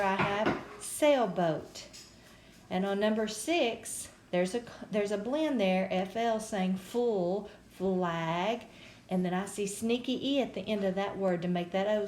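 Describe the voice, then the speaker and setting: A woman's voice: mid-range voice, darkish tone, reverberant, a little hiss or hum. A woman teacher, patiently sounding out words in a phonics lesson for young kids.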